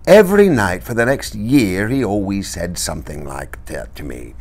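A man reading a novel aloud with expressive, lively storytelling. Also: low-pitched, normal speed, hardly any pauses. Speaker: reader.

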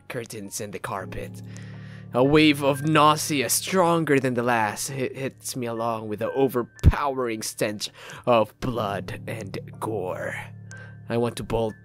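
Man reading a game's narration. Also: mid-range voice. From Philippines. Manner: dramatic, reads text aloud with asides and laughs. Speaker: let's play gamer. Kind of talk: reading game narration aloud with commentary.

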